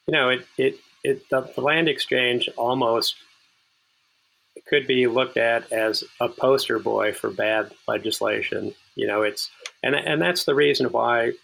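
A man's voice: mid-range voice, vocal fry, a bit bright, rough recording. A man being interviewed as a policy analyst on a podcast, speaking earnestly with frequent restarts and repeated words.

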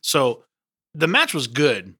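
Laid back podcast co-host guy, thinking out loud, bright tone, dry sound. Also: mid-range voice, takes it slowly, slightly rough, dry recording. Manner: relaxed, reflective, repeats words as he thinks. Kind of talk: casual chat.

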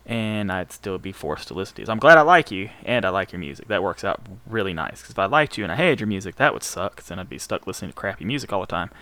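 Bright-voiced Southern man back-announcing songs. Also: deep voice, very animated, quick pace, few pauses, dry recording. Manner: profane, joking, rambling. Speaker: radio show host.

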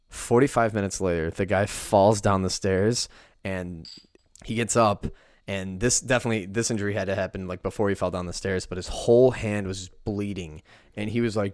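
Young man, fast talker, low pitch, dry close mic, casual profane chat. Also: fairly even intonation, smooth, dry recording. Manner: quick, profane storytelling. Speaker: podcast co-host, bartender.

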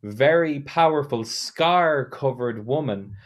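Man, game master, rambling narration, full of ums, middling pitch. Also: animated, slow pace. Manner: rambling, hesitant, full of fillers.

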